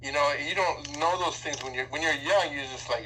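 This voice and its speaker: A man's voice: on the high side, big pitch swings, normal speed, pushed and bright, a little hiss or hum, low-quality recording. An older man from Seattle, a radio DJ guest telling reflective stories in a casual interview and laughing easily.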